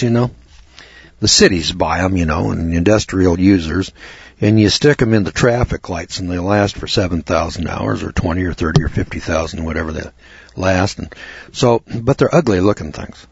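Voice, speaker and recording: A man's voice: low-pitched, expressive, moderate pace, husky, dry recording, lo-fi sound. A man telling a rambling, folksy anecdote, often repeating words and restarting his sentences. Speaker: storyteller.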